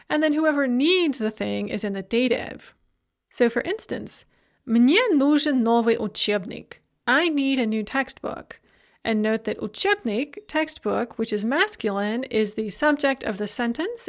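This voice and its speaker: A woman lecturer teaching a language lesson, explaining grammar step by step and slowing down to enunciate each example phrase. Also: a little high. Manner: explanatory, repeats key points. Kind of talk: recorded lecture.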